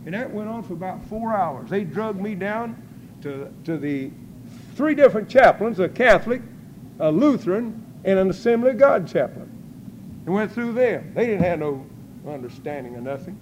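An older man preaching a testimony sermon in folksy storytelling style, breaking into loud praise. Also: sits high, lively intonation, moderate pace, a little hiss or hum, poor audio.

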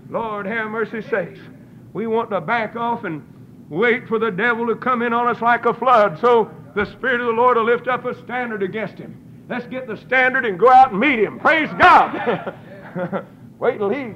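A man preaching a fiery, folksy revival sermon, breaking into shouts and laughter and acting out voices. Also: high voice. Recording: dull lo-fi sermon recording with faint noise.

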